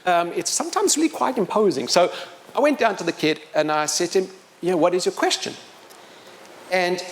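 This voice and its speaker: Animated male storyteller, high lively voice. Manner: animated, acts out the people in his story. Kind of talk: live talk-story to an audience. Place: open-air pavilion.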